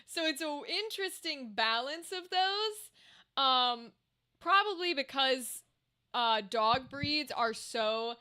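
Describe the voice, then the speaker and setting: High bright voiced girl streamer rambling to chat, cursing here and there. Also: lively intonation, takes it slowly. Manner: rambling, chatty, reads chat aloud, swears casually. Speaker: livestreamer. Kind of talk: casual chat with chat.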